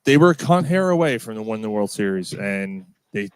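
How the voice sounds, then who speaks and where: A man's voice: lowish voice, fairly quick, clear, resonant tone, dry recording. A man co-hosting a sports podcast, chatting loosely and swearing freely. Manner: loose and profane, animated. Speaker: podcast co-host. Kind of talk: casual sports chat.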